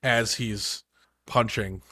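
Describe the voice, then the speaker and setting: A man's voice: on the low side, fairly even intonation, extremely slow, sharp tone, a little hiss or hum. A man co-hosting a podcast, chatting casually and emphatically, swearing for effect. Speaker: podcast co-host. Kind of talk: casual chat.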